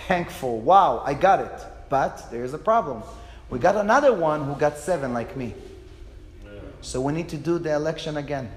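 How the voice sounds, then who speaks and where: A high-pitched man, a rabbi, tells a personal story with passion and strong emotion. His voice rings around a large hall with a long echo. Faint background ambience sits under the talk. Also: a little hiss or hum.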